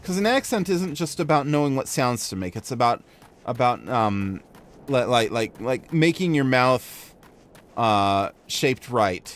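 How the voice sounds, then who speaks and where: A man's voice: mid-range voice, expressive, a little slow. Wry man chatting through a game. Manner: rambling, self-correcting, wry. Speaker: gameplay host. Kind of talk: casual let's play chat.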